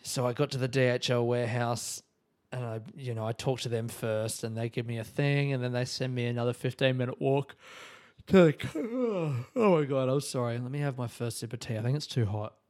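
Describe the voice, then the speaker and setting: A man's voice: medium pitch, fairly quick, darkish tone. An Australian man hosting a podcast, telling a story in a laid-back way, swearing freely and often laughing. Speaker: podcast host. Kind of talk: casual storytelling monologue.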